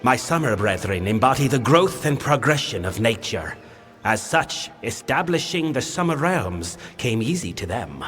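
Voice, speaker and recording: A man's voice: mid-range voice, big pitch swings, normal speed, fairly bright tone. An actor playing a weary ancient winter fae king in a video game, speaking in a grave, formal, commanding way. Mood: solemn. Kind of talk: video game character dialogue. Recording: long reverb with game music.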